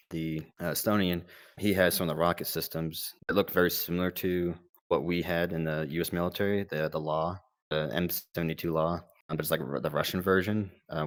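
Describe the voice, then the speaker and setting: A young man with a low, deep voice tells his story in a relaxed, rambling way, full of "like" and acted-out dialogue. The sound is dry and close, with no room around it. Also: no echo. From United States. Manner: laid-back, rambling, lots of fillers and quoted dialogue. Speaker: former Marine combat medic recounting war experience. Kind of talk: casual storytelling interview.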